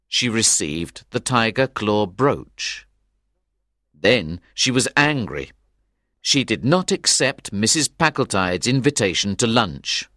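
A man narrating a simplified story in a measured, expressive way. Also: fairly low pitch, dry recording, studio quality.

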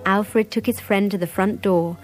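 Woman, story narrator, measured clear reading, mid pitch, soft music behind. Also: fairly even intonation, rough recording.

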